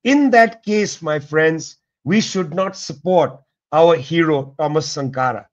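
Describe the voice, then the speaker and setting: Middle-aged male guest historian, passionate commentary, higher-pitched voice, muffled lo-fi audio. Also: measured pace. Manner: emphatic, addresses listeners directly. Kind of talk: impassioned political commentary.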